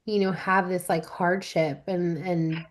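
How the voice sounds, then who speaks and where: A woman's voice: on the low side, little pitch movement, unhurried. A woman co-hosting a podcast in casual chat, earnest and full of fillers. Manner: earnest, lots of likes and fillers. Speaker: podcast co-host.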